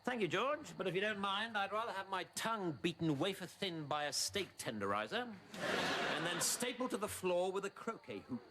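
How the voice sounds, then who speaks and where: A sneering army captain. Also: male voice, high-pitched, big pitch swings, moderate pace. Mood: scornful. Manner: dry, withering, sarcastic. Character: sardonic cynical male army captain, scornful wit. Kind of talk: sitcom acting. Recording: noisy TV audio with studio laughter.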